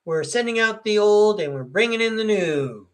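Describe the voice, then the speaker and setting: A man's voice: sits high, expressive, normal speed, fairly bright tone. A middle-aged man giving a chatty, upbeat live tarot reading and speaking to viewers by name. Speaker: tarot reader hosting a live stream.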